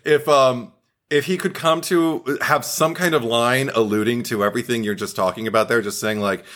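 Animated man chatting on a podcast. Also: medium pitch. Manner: animated, laughs often, quick to enthuse. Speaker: podcast co-host. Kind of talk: casual chat.

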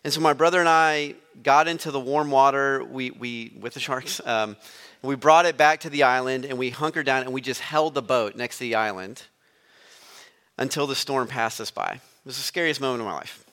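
A man gives a sermon as a visiting preacher. His voice is bright and forceful. He speaks conversationally and leans on storytelling. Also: mid-range voice, moderate pace. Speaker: guest preacher.

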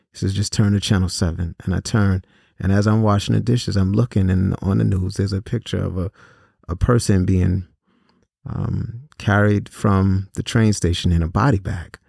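A man earnestly telling a personal story to students in a measured way, with pauses and fillers. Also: low voice, vocal fry, dark tone, slightly rough, dry recording, clean studio sound. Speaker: host and speaker on violence prevention.

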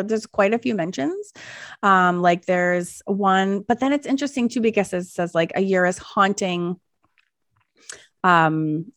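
A woman co-hosting a folklore podcast in casual chat, animated, laughing often and reading passages aloud. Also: on the low side, no echo, studio quality. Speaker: podcast co-host.

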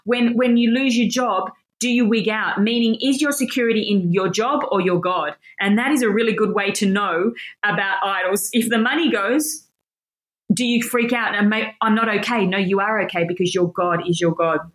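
A woman teaching from the Bible with real passion, reading scripture aloud in between her comments. She talks emphatically and insistently, and her enthusiasm runs high. Her voice sits at an ordinary middle pitch for a woman. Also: normal speed.

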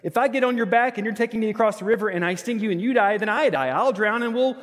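A man's voice: sits high, fast, pitched above the performer's own voice, natural voice. A man voicing a pleading male scorpion in a told fable, raised and urgent, with a long hall reverb. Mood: insistent.

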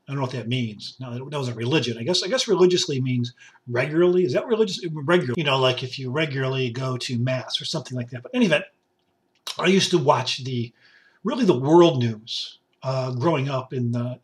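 Hoarse older man rambling on a podcast. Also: medium pitch. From upstate New York. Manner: rambling, jokey, with many fillers and asides. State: hoarse and raspy from a cough. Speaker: podcast host. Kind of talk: rambling solo podcast monologue. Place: basement home studio.

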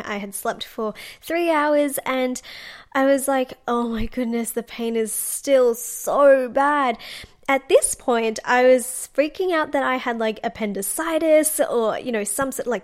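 Young woman podcaster, bright-ish higher voice, casual chatty storyteller full of "like"s. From Australia. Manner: chatty, animated, lots of "like" and acted-out quotes. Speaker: podcast host.

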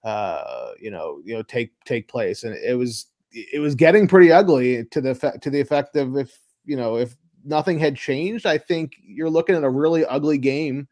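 A man's voice: medium pitch, animated, normal speed, darkish tone, no room sound. Opinionated man in a dry, close sports chat. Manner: opinionated, repeats words while thinking. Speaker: podcast co-host. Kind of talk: casual sports talk.

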